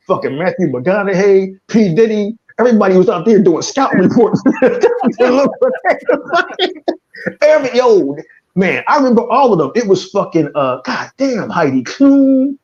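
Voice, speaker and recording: A man co-hosting a loose podcast, riffing with lots of swearing and quick impressions. His pitch swings widely from low grumbles to high yelps. The audio sounds dull and lo-fi, like a streamed call. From Philadelphia area. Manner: profane, animated storytelling with impressions. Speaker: podcast co-host. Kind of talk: casual chat.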